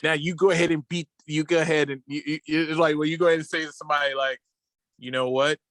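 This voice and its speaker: Male co-host on a video call, bright and crisp, dry sound, crude deadpan humor. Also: fairly high pitch, fast talker, no room sound. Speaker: podcast co-host. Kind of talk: casual chat.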